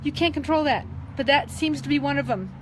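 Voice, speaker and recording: Casting note: middle-aged woman with a high voice, sincere and emotional, telling a story over a faint hum. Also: animated, a little fast, poor audio. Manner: earnest, emotional, with frequent um fillers and restarts. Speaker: wellness advocate sharing testimonies. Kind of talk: casual personal storytelling.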